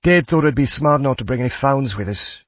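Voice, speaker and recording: A man's voice: mid-range voice, animated, a little fast, dry recording, lo-fi sound, pitched above the performer's own voice, natural voice. A man voicing a cheeky teen girl. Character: frail teenage Australian girl, cheeky.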